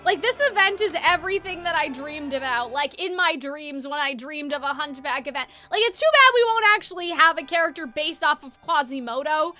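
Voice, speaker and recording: A woman's voice: sits high, lively intonation, fairly quick, few pauses, bright, forceful tone. A woman streaming a story game, chatting casually and giggling, with lots of "like" in her speech. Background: game music.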